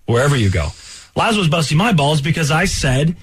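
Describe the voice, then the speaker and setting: A man co-hosting a radio talk show in casual banter, eager and quick to defend himself. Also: a little high, big pitch swings, slight background noise. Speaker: radio co-host.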